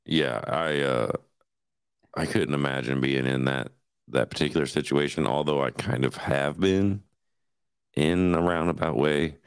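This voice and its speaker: Man, podcast host, extremely deep voice, smooth, dry close sound, laid-back. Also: a little slow, no room sound. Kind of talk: casual chat.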